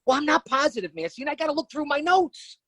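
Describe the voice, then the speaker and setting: A man's voice: extremely high pitch, lively intonation, fast, a bit bright, no room sound, poor audio. A man hosting a podcast, reading from his notes and emphatically quizzing his co-host. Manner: emphatic, addresses guest by surname. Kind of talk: interviewing from notes.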